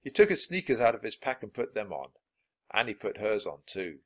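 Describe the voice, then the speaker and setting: A man reading a children's chapter book aloud, with clear, expressive narration. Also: fairly low pitch, fairly quick. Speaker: storybook reader.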